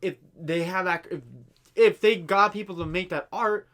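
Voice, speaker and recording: A young man co-hosting a casual podcast, talking in a halting way with many fillers and restarts. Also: sits high, bright, forceful tone. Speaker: podcast co-host. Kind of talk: casual chat.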